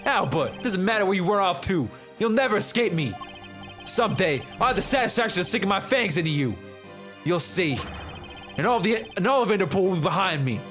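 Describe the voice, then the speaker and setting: A man voices a hot-headed male agent who barks threats with a raised, lively pitch. He is brash and forceful in this game fan dub. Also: fairly quick, faint music behind. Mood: fierce.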